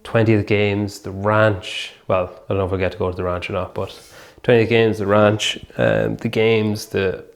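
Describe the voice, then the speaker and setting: A man's voice: lowish voice, moderate pace, few pauses. A young man chatting casually as a podcast host, rambling and filling his sentences with "like". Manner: rambling, heavy use of "like". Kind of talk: casual vlog chat.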